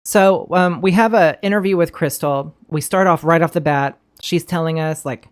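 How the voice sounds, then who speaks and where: A woman's voice: sits low, moderate pace. A woman giving casual, chatty commentary on a TV episode, swearing freely and talking straight to her viewers. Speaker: TV show reviewer.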